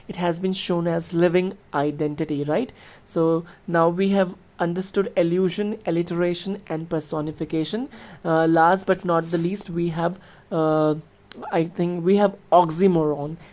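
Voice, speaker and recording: A woman's voice: lowish voice, mellow. A middle-aged woman teacher explains a poem to her class. She talks patiently, uses many fillers and spells words out letter by letter. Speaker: school teacher.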